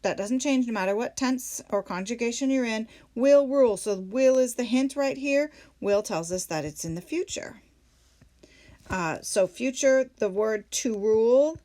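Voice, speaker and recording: A woman's voice: on the high side, darkish tone. A woman teaching a Latin grammar lesson, walking through examples patiently and answering her own questions. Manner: patient, step-by-step, asks questions then answers them. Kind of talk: classroom lesson walkthrough.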